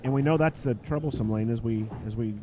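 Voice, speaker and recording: A man's voice: mid-range voice, fast talker. Dry-humored male bowling commentator. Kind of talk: live sports commentary. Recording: dull broadcast audio with noise.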